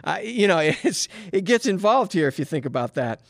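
A man's voice: sits high, very animated, normal speed, vocal fry, no room sound, studio quality. A middle-aged man giving a conversational sermon as a pastor, earnest, with many rhetorical questions. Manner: earnest, asks rhetorical questions, frequent "you know".

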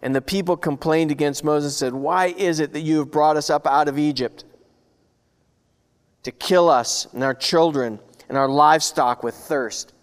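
A man with a slightly higher voice preaches in an easy, conversational way, leaning on rhetorical questions as he teaches. His voice rings out in a hall with a long, trailing reverb. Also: normal speed, clear, resonant tone. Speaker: pastor. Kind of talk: sermon.

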